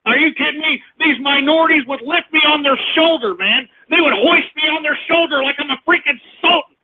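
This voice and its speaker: A man's voice: very high-pitched, fairly quick. Boasting Texan male caller on phone. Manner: boastful, profane rant. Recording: tinny phone line.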